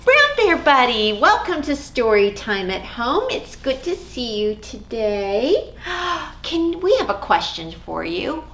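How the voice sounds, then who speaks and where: A woman children's librarian leading a storytime for young children, talking in an expressive, sing-song way. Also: a little high. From United States. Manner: sing-song, expressive, slow and clear for toddlers. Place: library or home room.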